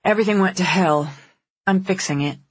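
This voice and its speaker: An audiobook reader voicing a busy, determined young woman who runs a ranch, speaking in a brisk, practical way. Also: medium pitch, husky, dry recording, lightly acted. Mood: tired. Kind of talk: audiobook character voice.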